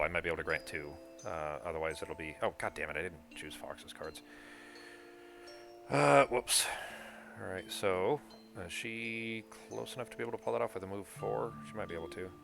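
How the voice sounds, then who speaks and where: A man's voice: low voice, creaky, fairly bright tone. A man acting as game master for a tabletop board game, thinking aloud, counting moves and swearing casually.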